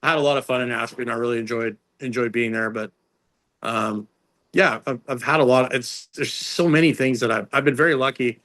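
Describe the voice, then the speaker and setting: A middle-aged man tells stories as an interview guest, loose and chatty, with plenty of "like" and "you know." His voice sits mid-range, and it leaps higher whenever he quotes someone. He keeps restarting his sentences as he goes. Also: brisk. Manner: animated storyteller, jumps into higher voices for quotes; many fillers and restarts. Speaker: strength and conditioning coach, guest. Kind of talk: casual storytelling.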